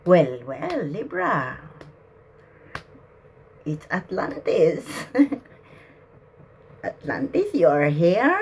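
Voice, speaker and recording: A woman addressing spirits aloud on camera, emotional and halting, laughing and close to tears as she speaks. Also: fairly low pitch, huge pitch swings, a little hiss or hum. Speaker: spiritual channeler.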